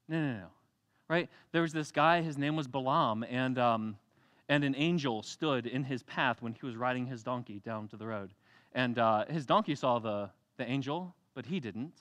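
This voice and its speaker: Animated bright-voiced male preacher. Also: medium pitch. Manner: animated storytelling, acts out voices, laughs often. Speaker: pastor. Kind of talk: sermon.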